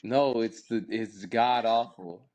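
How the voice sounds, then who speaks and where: Guy cracking blunt mocking jokes, regular pitch. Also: slow pace, a little mellow. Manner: blunt, mocking, jumps into high put-on voices. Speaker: co-host. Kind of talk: casual chat.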